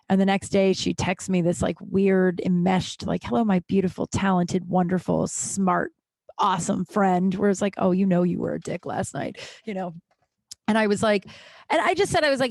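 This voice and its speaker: A woman's voice: medium pitch, fairly quick, creaky, a little mellow, no room sound, clean studio sound. A woman hosting her own podcast, talking frankly and ramblingly with many restarts and casual swearing. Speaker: podcast host. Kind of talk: candid solo podcast monologue.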